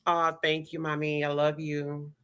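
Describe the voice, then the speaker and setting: A woman joining her sister on a casual livestream, greeting viewers warmly and expressively. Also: low voice, monotone, unhurried, smooth. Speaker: guest co-host, host's sister. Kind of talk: casual live chat.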